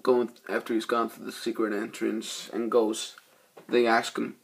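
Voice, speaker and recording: A man's voice: lowish voice, monotone, unhurried, vocal fry, breathy edge. A man giving a rambling, profane, laid-back spoken movie review. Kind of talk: casual spoken film review.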